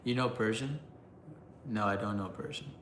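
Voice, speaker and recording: A man's voice: fairly low pitch, fairly bright tone, a little hiss or hum. A man casually chatting on a live stream, reading chat aloud, loose and joking, laughing often. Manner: halting when he switches languages.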